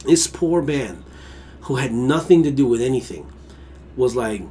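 A man's voice: mid-range voice, expressive, measured pace, warm tone, a little hiss or hum. Profane, heated male podcast host. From Mexican heritage. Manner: heated, profane, emphatic ranting. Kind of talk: casual conversational podcast.

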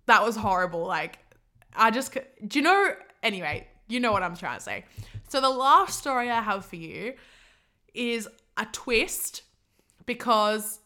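A young woman hosts a podcast, telling stories in a casual, rambling, giggly monologue full of "like." Her voice is medium-pitched with a sharp tone.

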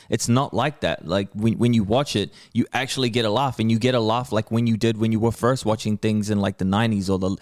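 A man's voice: on the low side, steady tone, brisk, few pauses, no room sound, clean studio sound. A man, talking brashly as a podcast guest, swearing freely and laughing often. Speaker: podcast guest, rapper and comedian. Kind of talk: casual podcast conversation.

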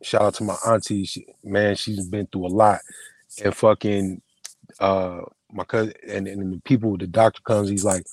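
A low-voiced man with a husky, slightly rough tone tells a heavy personal story in casual talk. He rambles and restarts often, leaning on slang. The sound is dry and close. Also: little pitch movement, moderate pace, dry recording. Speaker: podcast guest, film producer and screenwriter. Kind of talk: emotional storytelling in casual conversation.

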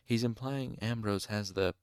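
A man's voice: fairly low pitch, normal speed, darkish tone, clear, resonant tone, no room sound, studio quality, lightly acted. A man reading an audiobook, voicing a wry, matter-of-fact young male student. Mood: dry.

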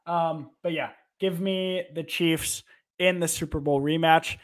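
Guy on a sports podcast, kinda high voice, joking around and ribbing his buddy about picks. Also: fairly even intonation, a little slow. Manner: playful, teasing. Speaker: podcast co-host. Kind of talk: casual sports betting chat.

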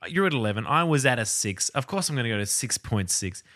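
A man's voice: mid-range voice, big pitch swings, fast, noisy background. A man co-hosting a casual film podcast, joking and interrupting. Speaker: podcast co-host.

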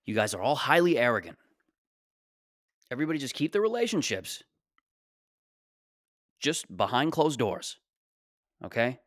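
A man's voice: medium pitch, big pitch swings, moderate pace, long pauses, dry recording, clean studio sound. A man in his late twenties hosting a solo podcast, talking casually in a rambling, joking, self-deprecating way. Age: 20s. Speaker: podcast host.

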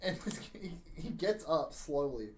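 A young man on a podcast telling a story in casual chat, animated, swearing freely and laughing through it. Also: a little high, a little slow. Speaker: podcast co-host.

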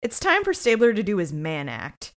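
A woman co-hosts a podcast and recaps a TV episode in casual chat. Her pitch swings widely as she tells it, mid-height and full of jokes and quoted asides. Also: moderate pace. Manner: lively, jokey retelling with quoted asides. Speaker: podcast co-host.

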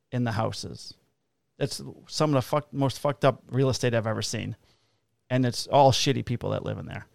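A male police officer tells work stories in casual chat, full of swearing and flat blunt remarks. His voice has a gravelly rasp. The sound is dry and close, with no room around it. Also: medium pitch, dry recording. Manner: profane, blunt, laughs at his own stories.

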